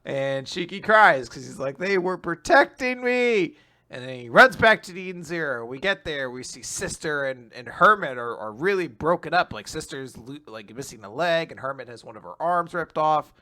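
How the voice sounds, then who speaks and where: A man's voice: medium pitch, expressive, normal speed, hardly any pauses, sharp tone. A man co-hosting a podcast, recapping in casual chat, laughing often and swearing as he quotes scenes. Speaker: podcast co-host.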